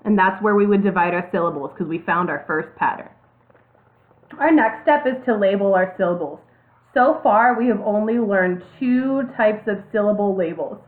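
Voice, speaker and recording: Female teacher, patient step-by-step delivery, letters spelled out, narrow phone-like sound. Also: mid-range voice. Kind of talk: classroom video lesson. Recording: tinny phone-like audio.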